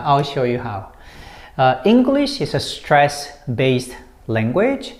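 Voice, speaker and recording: A woman teaching English, explaining word meanings slowly and patiently, repeating the key phrases. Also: low voice, reverberant. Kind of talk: explaining English usage to learners.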